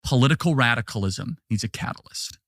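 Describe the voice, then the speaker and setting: A man commentating on politics in a podcast discussion, speaking in a measured, lecturing way and building his points as lists. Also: medium pitch, expressive, fairly bright tone, no echo, clean studio sound.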